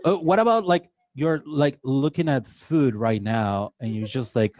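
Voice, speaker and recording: A man with a Mexican accent hosts a live drawing workshop for an audience in an event hall, talking casually, joking, and using many filler "uh"s. His voice is mid-range with a darkish tone, and he takes his time.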